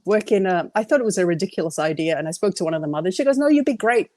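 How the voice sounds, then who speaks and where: A woman's voice: on the low side, expressive, racing, mellow. A middle-aged woman, sharing her personal faith testimony in an earnest, candid way.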